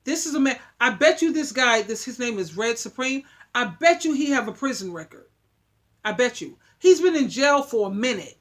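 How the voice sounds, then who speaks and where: High-voiced woman vlogger lecturing her viewers, emphatic and repetitive. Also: lively intonation, normal speed. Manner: emphatic, preachy, repeats points for emphasis. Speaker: relationship advice vlogger. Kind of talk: casual opinionated monologue.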